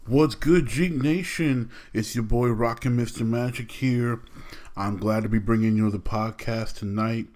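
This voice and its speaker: Animated man venting on his podcast. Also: medium pitch, a little slow. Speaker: podcast host. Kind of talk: casual podcast monologue.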